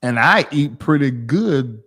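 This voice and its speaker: A man in his forties from the South, chatting casually on his livestream in a rambling, animated way. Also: medium pitch, slow, husky. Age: 40s. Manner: rambling, animated, talks to chat viewers by name. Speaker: livestream host.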